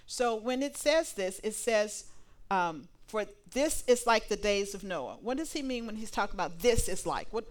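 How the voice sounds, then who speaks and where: A woman preaching a sermon to a live congregation, animated and playful, acting out little dialogues. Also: medium pitch. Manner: animated, laughing asides, acts out dialogue.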